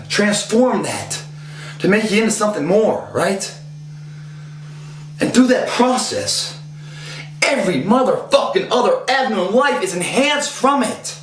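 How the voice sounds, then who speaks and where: A man's voice: high-pitched, a bit bright, a little hiss or hum. A man giving an intense, profane, emphatic fitness motivational talk. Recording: echoey room.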